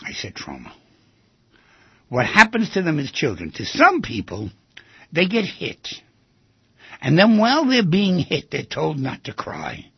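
A man with a raspy, gravelly voice gives an animated talk. His pitch swings widely as he acts out quoted lines. The sound is dry and dull, like an older lo-fi recording. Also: unhurried, no room sound. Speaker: speaker on relationships. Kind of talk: lively talk.

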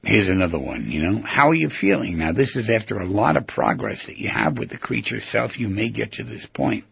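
A man's voice: lowish voice, big pitch swings, a little fast, gravelly, husky, dry recording. A man teaching an inner-dialogue exercise, speaking in an earnest, coaching manner, recorded on a dull lo-fi track. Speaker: self-help teacher. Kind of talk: guided instruction.

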